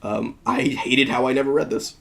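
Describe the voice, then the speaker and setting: Male podcast host, gravelly, mid-pitched, rambling and eager. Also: moderate pace. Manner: rambling, enthusiastic, restarts often. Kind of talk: casual chat.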